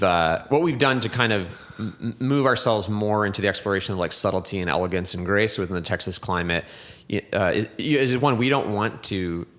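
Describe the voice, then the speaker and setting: In a relaxed podcast interview, a whiskey distiller and blender with a somewhat low voice talks about his craft. Thinking out loud, he restarts sentences and leans on fillers, sometimes wandering into reflective, poetic phrasing.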